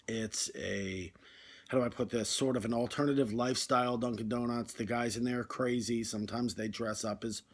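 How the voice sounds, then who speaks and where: Rambling man with a middle-pitched voice. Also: fairly even intonation, brisk. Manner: rambling, conversational, with fillers. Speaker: comedy video host. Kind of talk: deadpan comic monologue.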